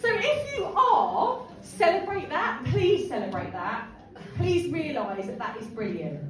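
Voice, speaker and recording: A woman runs an empowerment workshop, her voice high and full of swoops. She chats with the room and laughs a lot. The mic sits far off in a booming hall with the crowd audible. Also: a little slow. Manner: animated, chatty, laughs often, asks the room questions. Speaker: empowerment speaker running a workshop. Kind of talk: lively workshop talk to a group.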